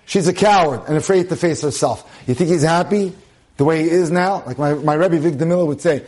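A man's voice: fairly high pitch, fairly quick, a little mellow. A man teaching as a rabbi, speaking emphatically, repeating phrases for stress and dropping in Hebrew terms. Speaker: rabbi giving a Torah class. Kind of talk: relationship lecture.

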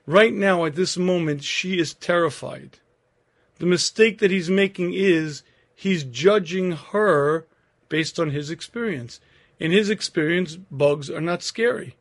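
A man in his fifties giving a Torah lecture, telling stories earnestly and clearing his throat often. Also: fairly high pitch, unhurried.

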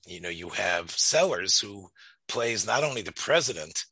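A man's voice: sits low, expressive, normal speed, pushed and bright, breathy edge, no room sound. A man in a casual film discussion, rambling with many restarts and fillers.

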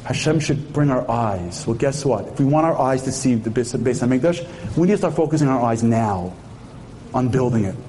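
A man's voice: medium pitch, lively intonation, normal speed, warm tone, slight background noise. A man giving an impassioned sermon-like speech at a memorial tribute, firing rhetorical questions at the audience and weaving in Hebrew terms.

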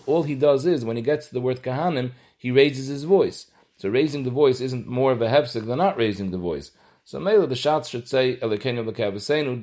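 This Torah teacher's voice is medium-pitched and a little mellow. He lays out a halachic lesson in an explanatory, step-by-step way, weaving Hebrew and Yiddish words into his English.

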